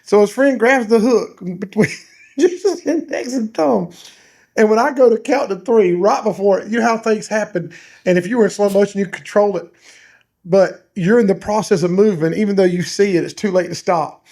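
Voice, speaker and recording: A man's voice: high-pitched, a little mellow. A man, a pastor hosting a podcast, telling a story in a casual way and laughing through it.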